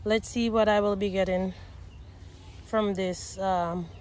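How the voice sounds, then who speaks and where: A woman filming a casual gardening vlog outdoors beside her potato patch, talking excitedly to her viewers on her own camera. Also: medium pitch, takes it slowly, slight background noise. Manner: excitable, talks to viewers as guys. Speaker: gardening vlogger. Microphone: self-filmed camera.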